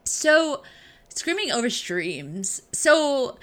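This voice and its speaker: Bright, animated woman venting about tech. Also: sits high, extremely slow. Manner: animated, sarcastic, acts out quotes. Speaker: podcast co-host. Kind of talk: casual tech chat.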